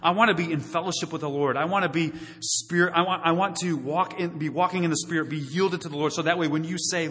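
A man's voice: high voice, fairly quick, a bit bright, in a large hall. A male pastor preaching a sermon in a church sanctuary, talking conversationally and putting questions to the congregation.

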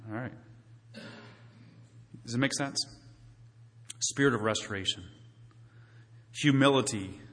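A man preaching from the pulpit with a bright, forceful voice that rings out into a long, echoing church hall. His delivery is conversational, full of restarts and direct questions to the people in the pews. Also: on the low side. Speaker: pastor. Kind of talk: sermon.

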